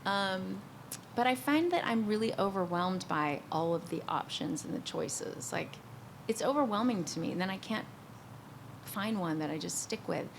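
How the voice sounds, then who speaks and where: A middle-aged woman talks in a chatty, enthusiastic way, often poking fun at herself. Her pitch sits in a middle range. A faint hum of room noise runs underneath her voice. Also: animated, normal speed, creaky. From Georgia, US. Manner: chatty, enthusiastic, self-deprecating. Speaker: guest actor on a convention panel. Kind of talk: casual panel chat.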